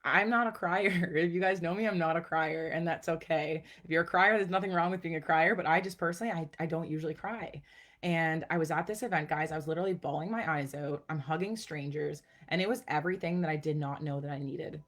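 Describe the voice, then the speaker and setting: A young adult woman with a notably low voice talks straight to her viewers like a personal growth coach. She keeps it casual and upbeat, checking in with "okay" and "guys" as she teaches. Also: quick pace. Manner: upbeat, chatty, says "okay" and "guys" a lot.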